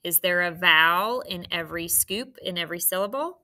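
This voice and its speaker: A woman's voice: lowish voice, sharp tone. A woman teaching a phonics lesson to third graders, patient and encouraging. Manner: patient, encouraging, slow and clear. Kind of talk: phonics lesson for young students.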